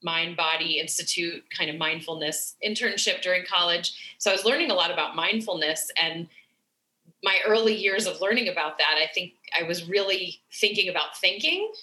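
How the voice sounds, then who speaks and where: A woman's voice: lowish voice, moderate pace, roomy sound, rough recording. A woman, a sex therapist, talking reflectively as a podcast guest, with frequent ums. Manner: warm, reflective, many fillers. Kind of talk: podcast interview.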